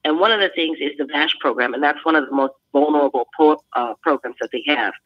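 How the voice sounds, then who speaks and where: A woman's voice: sits low, quick pace, muffled recording. A woman veteran from California, speaking as a guest on a talk show in earnest bursts, often restarting her sentences. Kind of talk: phone-in talk show interview.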